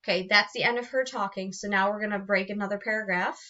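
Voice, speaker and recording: A woman teacher walks through grammar rules in a recorded lesson, patient and explanatory, often pausing and restarting mid-sentence. Her voice is bright and forward. The recording is dull and lo-fi. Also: medium pitch, steady tone. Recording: dull lo-fi sound.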